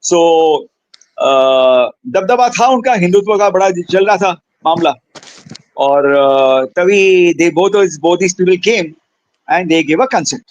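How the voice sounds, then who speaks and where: Fast, high-voiced older Indian man. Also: expressive, muffled recording. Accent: Indian English. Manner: acts out dialogue, switches between English and Hindi. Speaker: senior cardiologist, interview guest. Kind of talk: animated personal storytelling.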